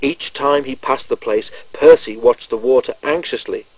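A man reading a children's railway storybook aloud in a measured, gentle storytelling manner. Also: medium pitch, no echo, low-quality recording. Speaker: narrator.

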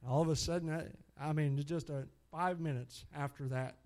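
At a normal pace and a slightly high pitch, a middle-aged man tells animated sermon stories. Hallelujahs come often, and he laughs at the stories he tells.

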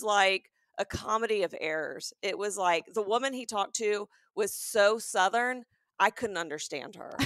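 A woman's voice: mid-range voice, no echo, studio quality. A woman in her forties, co-hosting a comedic podcast, tells a story in casual chat and acts out what people said. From American South. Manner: animated storytelling, acting out quotes. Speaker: podcast co-host.

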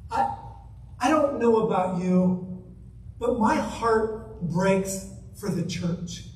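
A man's voice: high voice, expressive, slow. A man preaching a sermon as guest minister, emphatic and full of rhetorical questions put to the congregation. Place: church sanctuary. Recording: echoey church hall from far off.

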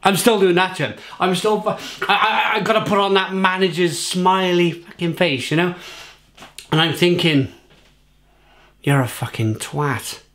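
A man's voice: sits high, steady tone, moderate pace, fairly bright tone. A man with a British accent, a beer reviewer and pub manager, swearing and rambling through an angry rant to camera. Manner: sweary, rambling, repeats himself.

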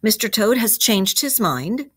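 A woman voicing a stern, commanding old male badger, grave and deliberate. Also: mid-range voice, big pitch swings, fairly bright tone, breathy edge, heavily acted.

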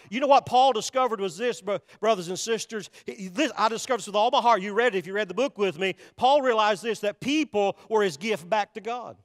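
High-voiced preacher in a reverberant church. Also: male voice, a bit bright. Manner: emphatic, repetitive preaching with direct appeals to the congregation. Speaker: pastor. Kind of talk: sermon. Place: church sanctuary. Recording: long reverb of a large church sanctuary.

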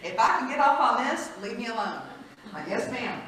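A woman, a former hospice chaplain, telling stories in a lively, frank conference talk and acting out the voices of the people she quotes. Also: fairly high pitch, fairly quick. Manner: lively, frank, laughs often, acts out quotes. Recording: echoey hall, mic at a distance.

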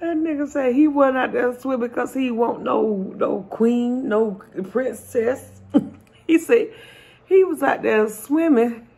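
A half-asleep woman vlogger tells a long joke between bites in a somewhat high voice. She narrates animatedly and keeps breaking into laughter. She records on a camera mic indoors at home. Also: takes it slowly, gravelly. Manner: animated storyteller, laughs often. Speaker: mukbang vlogger and comedian. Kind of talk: joke-telling while eating.

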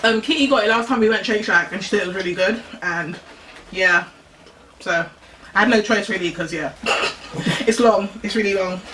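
A young woman hosting a casual mukbang chat at home, giggly and quick to laugh. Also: mid-range voice, fairly bright tone. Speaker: YouTube host. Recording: distant camera mic, faint room noise.

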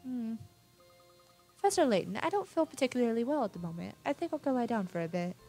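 A woman's voice: a little high, animated, fast talker, warm tone, soft background music, voice pushed up. A woman reading game dialogue aloud, voicing an elegant, weary noble lady in a refined, formal manner. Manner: refined, formal, a little theatrical.

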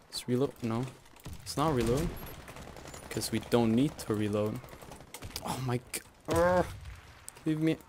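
A young man giving live gameplay commentary as channel host, rambling and often laughing or yelling at the game. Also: medium pitch, background noise.

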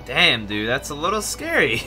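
A man's voice: a little high, wildly swooping pitch, moderate pace, pushed and bright, soft background music. A man co-commentating a game with a friend, laid-back, quipping and reacting to battles. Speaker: co-op gaming partner. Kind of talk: casual co-op gameplay commentary.

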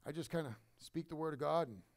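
A man preaching a sermon to his congregation in a conversational, animated way, sometimes mimicking other people. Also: fairly high pitch, quick pace. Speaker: pastor.

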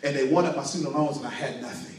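A man's voice: mid-range voice, fast, natural voice. A man quoting an earnest grateful businesswoman. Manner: earnest, quoted within a sermon. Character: grateful, successful businesswoman, adult. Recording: very echoey room, distant mic.

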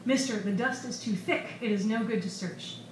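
Woman reader doing coy little boy, teasing and flat, roomy far-off live sound. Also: a little high, normal speed, noisy background, lightly acted. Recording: echoey bar recorded from far off.

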